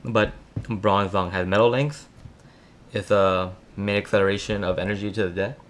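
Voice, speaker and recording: A man's voice: on the low side, steady tone. A man from Florida with a lisp, talking casually and hesitantly with lots of ums as he walks through a card game deck. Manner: talks fast, hesitant with ums. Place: home room at night.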